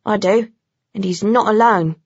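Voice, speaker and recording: A woman's voice: medium pitch, moderate pace, darkish tone, no room sound, natural voice. A woman voicing a brash, sardonic male British vampire with a clipped, irritated manner, in a dull, dry recording.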